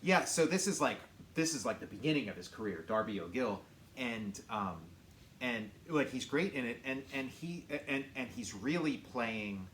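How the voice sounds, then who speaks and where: A man's voice: medium pitch, lively intonation, normal speed, fairly bright tone. Middle-aged male co-host, loose rambling chat full of fillers, roomy recording with faint hiss. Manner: rambling, lots of "like" and restarts. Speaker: podcast co-host. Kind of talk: casual chat.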